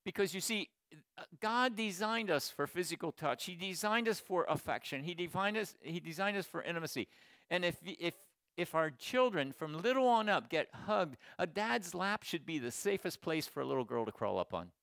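A man in his sixties giving a sermon to men, swinging from loud exhortation to quiet storytelling. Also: high-pitched, animated, moderate pace, vocal fry, dry recording, clean studio sound. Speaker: speaker at a men's gathering.

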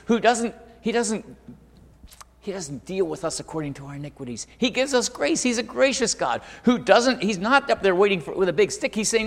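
A middle-aged male pastor preaching a sermon, moving between loud emphasis and hushed asides. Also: sits high, sing-song, fairly quick. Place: church hall. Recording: long hall reverb.

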